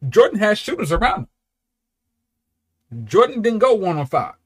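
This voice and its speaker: A man hosting a music reaction, talking casually and excitably, swearing often and swinging from low muttering to loud outbursts. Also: moderate pace, husky.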